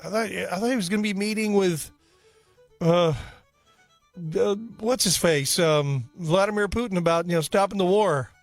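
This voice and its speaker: Joking high-voiced male radio host. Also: moderate pace, no echo, faint music behind. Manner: joking, rambling, self-mocking. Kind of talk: casual talk radio chat.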